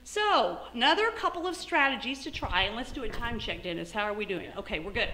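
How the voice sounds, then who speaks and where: A middle-aged woman gives a motivational talk, her high voice swooping widely as she acts out her own thoughts. Her tone is bright and forceful, and the sound carries the echo of a large lecture hall. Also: fairly quick. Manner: animated, quotes herself in lively asides. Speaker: keynote speaker.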